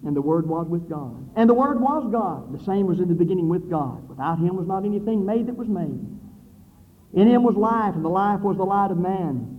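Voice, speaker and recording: A man preaching a sermon with dramatic swings between loud declaiming and low, hushed passages. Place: church building with brick wall. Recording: phone-like thin sound in a reverberant hall.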